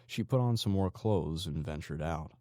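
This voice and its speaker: A man narrating an audiobook in an expressive, storytelling way. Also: sits low, moderate pace, no room sound, studio quality. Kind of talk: scripted narration.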